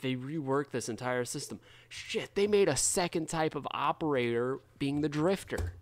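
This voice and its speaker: A man ranting in a casual gaming vlog, animated and heated, swearing freely as he argues his point. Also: medium pitch, moderate pace. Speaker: gaming video creator.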